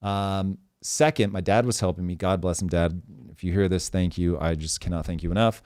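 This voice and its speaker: A man in his forties with a fairly low voice, hosting a show in casual chat. He talks emphatically, swears freely and tells his stories with energy. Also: a little fast. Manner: emphatic, profane, animated storytelling. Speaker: podcast host.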